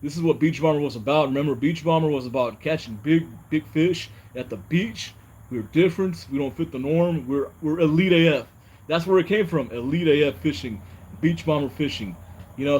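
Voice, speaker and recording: A man's voice: a little high, slightly rough. A young man, host of a fishing channel, talking casually in a personal vlog, rambling and repeating "you know" as he talks.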